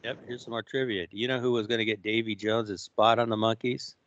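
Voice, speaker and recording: A man's voice: fairly low pitch, steady tone, fast, a bit bright, no echo, highs cut off. A man hosting a casual call-in show, offhandedly sharing trivia. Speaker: show host.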